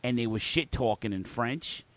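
A man in his forties hosts a podcast, telling loose stories in casual chat and cursing constantly. His voice sits mid-range at a moderate pace, with no room sound.

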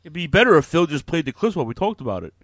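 A man hosting a casual podcast, animated and a little profane as he sets up old clips. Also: fairly high pitch, racing, no echo, clean studio sound. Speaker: podcast host. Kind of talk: casual chat.

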